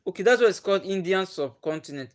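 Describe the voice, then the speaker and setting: A young Nigerian man with a high, expressive voice talks fast on his livestream, chatting casually with viewers. His first language is Igbo, he has a Nigerian accent, and he repeats himself often.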